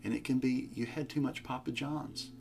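A young man as a podcast guest, talking about faith in a casual chat, with animated, joking storytelling. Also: mid-range voice, moderate pace, creaky. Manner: animated storytelling, jokey asides.

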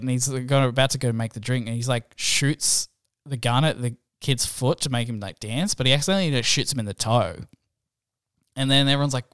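Male podcast co-host, clear smooth voice, dry close sound, chatty and filler-heavy. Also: medium pitch, a little fast, no echo. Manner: animated storyteller with many fillers. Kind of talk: casual chat.

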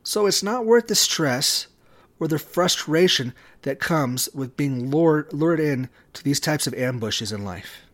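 A man giving a devotional talk, his voice sitting a little high. He takes his time, speaking slowly and pausing often between phrases. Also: animated, fairly bright tone. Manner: slow, measured delivery with long pauses. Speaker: podcast host.

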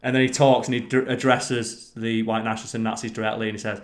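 A man chatting casually on a podcast, telling stories in an animated way and swearing freely. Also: lowish voice, fast, few pauses. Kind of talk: casual chat. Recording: roomy echo.

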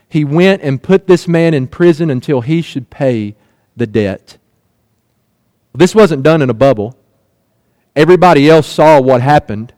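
A man's voice: a little high, expressive, moderate pace, darkish tone, no echo. A man preaching a sermon, retelling a parable with earnest rhetorical questions and repeated phrases.

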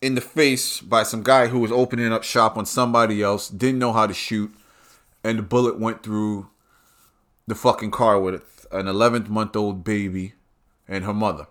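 A man's voice: lowish voice, level tone, moderate pace, fairly bright tone. Angry, profane man ranting. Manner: heated, profane and repetitive. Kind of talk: ranting monologue.

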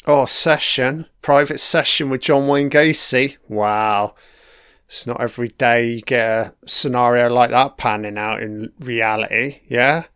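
A man with a smooth, clean voice talks unhurriedly over an episode, tossing crude, mocking jabs at the characters. The recording is dry and close, with no room sound. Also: mid-range voice, fairly even intonation, a little slow, a bit bright, dry recording. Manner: profane, mocking, heckles characters on screen. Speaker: film commentator. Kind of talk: watch-along episode commentary.

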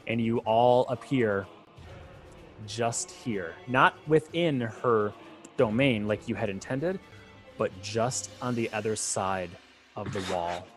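A man narrating a tabletop game as game master, slow and drawn out, with playful laughs. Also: lowish voice, music in the background.

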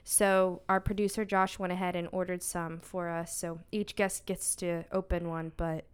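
A young adult woman hosting a podcast, chatting casually and leading segments in a relaxed, steady way. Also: fairly low pitch, moderate pace, clear, resonant tone. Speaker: podcast host.

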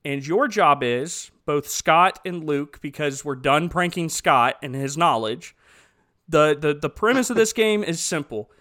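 A man hosting a podcast, recapping a film in a joking, sarcastic, animated way. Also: a little high, unhurried. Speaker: podcast host. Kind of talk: casual chat recapping a film.

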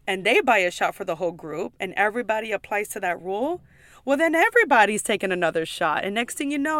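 A woman's voice: medium pitch, a bit bright, dry recording. Chatty woman giving casual advice. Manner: chatty, emphatic, swears casually; frequent "like" and "okay?" asides. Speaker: pub server.

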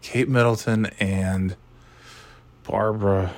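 A man's voice: lowish voice, fairly even intonation, slow. A man hosting a casual chat, rambling and sarcastic, swearing freely.

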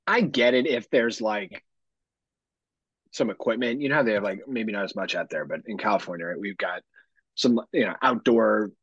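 A man's voice: lowish voice, moderate pace, fairly bright tone, slightly rough, no echo, highs cut off. A man in his thirties co-hosting a casual podcast chat, joking and swearing freely. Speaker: podcast co-host.

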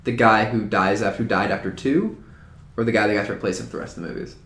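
A man in casual chat as co-host, talking in an animated way, repeating himself and swearing freely. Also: lowish voice, fast talker. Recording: echoey room.

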